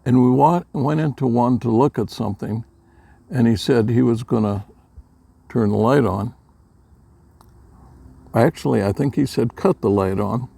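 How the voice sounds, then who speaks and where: Slow gravelly older man. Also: mid-range voice, warm tone, no room sound. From Minnesota. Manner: folksy, unhurried, plain-spoken. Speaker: storyteller. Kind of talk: casual personal storytelling.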